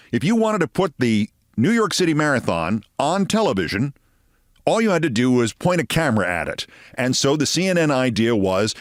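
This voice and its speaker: Sardonic man in his sixties, lively delivery. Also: dry recording, clean studio sound. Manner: sardonic, storytelling, theatrical swings in pitch. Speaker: host. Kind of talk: political commentary monologue.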